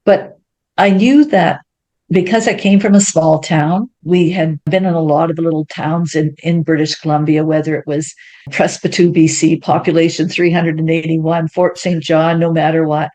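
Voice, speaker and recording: A woman, an interview guest telling her life story in a lively way and acting out what people said. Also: sits low, normal speed. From Ontario, Canada. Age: 70s. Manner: animated, acts out quoted speech in a raised voice.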